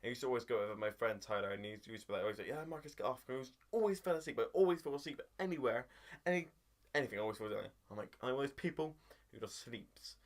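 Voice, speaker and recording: A young man telling a rambling story to camera, full of filler words, jumping into high squeals when he acts out what people said. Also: lively intonation, rapid-fire. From England. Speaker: vlogger. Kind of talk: casual storytelling.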